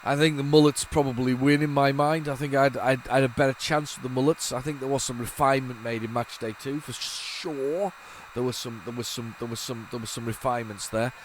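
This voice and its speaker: A man in the middle of his pitch range talks casually as he works through old computer tapes. He waffles along, trailing off and restarting his sentences. A faint hiss of noise sits behind his voice. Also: fairly even intonation, a little fast. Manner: rambling, waffling with many restarts. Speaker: retro gaming channel host. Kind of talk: casual commentary while loading old tapes.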